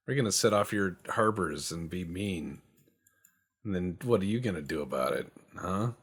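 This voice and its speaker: A man with a deep, husky voice riffs casually over his gameplay. He rambles from thought to thought, tossing in profane jokes and goofy boasts in a loose, unscripted way. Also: expressive, moderate pace, fairly bright tone. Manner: rambling, joking, profane banter. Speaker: game streamer.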